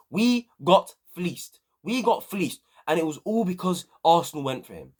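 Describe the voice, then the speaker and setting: A man's voice: sits high, animated, moderate pace, few pauses. A man hosting a football review channel, ranting emphatically and repeating his points with casual slang.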